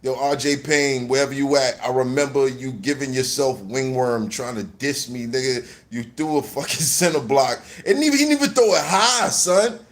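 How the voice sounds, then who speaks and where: A man telling a mocking story in a loud, animated way, laughing often and shouting at times. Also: medium pitch, normal speed, hardly any pauses. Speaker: host. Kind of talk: casual storytelling rant.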